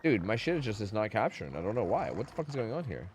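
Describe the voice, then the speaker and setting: A man streaming live, chatting casually, animated and profane as he rants. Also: lowish voice, fast, a little hiss or hum. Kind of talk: casual chat.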